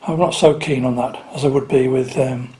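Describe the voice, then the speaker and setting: A man's voice: mid-range voice, fairly even intonation, normal speed, mellow, a little hiss or hum. A man talking casually and unhurriedly to camera about his record collection, with dry little asides.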